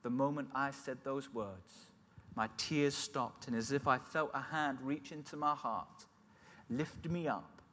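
A man's voice: mid-range voice, measured pace, bright, forceful tone, slight background noise. A middle-aged man giving an emotional personal testimony as a sermon, telling his story earnestly. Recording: long hall reverb.

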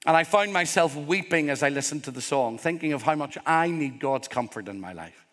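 A man's voice: on the high side, expressive, fairly quick, a bit bright. A middle-aged man preaching a sermon as pastor, earnest and openly vulnerable, rising to emphatic peaks. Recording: long hall reverb.

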